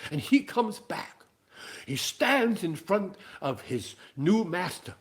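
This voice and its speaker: A man telling a long comic story in a playful, animated way. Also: high-pitched, slow. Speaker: singer-songwriter and storyteller. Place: living room.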